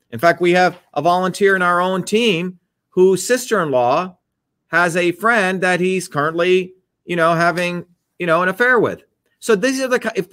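A combative political host, talking in a scornful, heated way. His voice sits fairly high for a man. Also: a bit bright. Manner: combative, scornful, rapid asides to a producer.

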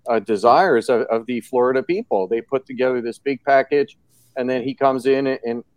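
A man's voice: mid-range voice, normal speed, darkish tone, no echo. Sarcastic rambling man, dry sound. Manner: sarcastic, rambling with many fillers. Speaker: show host. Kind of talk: casual political chat.

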